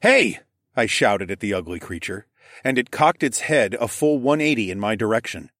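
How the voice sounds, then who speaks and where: A man reading an audiobook in first person, with expressive storytelling. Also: lowish voice, no room sound, studio quality. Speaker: audiobook narrator.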